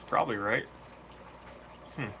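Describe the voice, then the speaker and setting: A man hosting a fishkeeping channel, chatting casually and answering viewer questions live in a relaxed, slangy way. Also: unhurried, background noise. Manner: laid-back, slangy, chatty. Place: room full of fish tanks.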